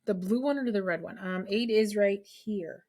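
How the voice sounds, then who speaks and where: A woman's voice: mid-range voice, moderate pace, darkish tone. A woman teaching a math lesson to her class, explaining a problem step by step in a chatty way and often checking that students follow.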